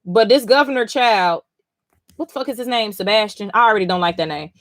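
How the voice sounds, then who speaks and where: A woman hosting a live comic-reading stream, reacting in an animated, profane, exclaiming way. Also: mid-range voice, fairly quick, no echo. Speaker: comic-reading livestream host.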